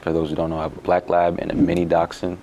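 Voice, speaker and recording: Here a college basketball player, a young adult man, responds to an interviewer in a low voice. His answers come out easygoing and hesitant, full of filler words, with a bit of background noise present.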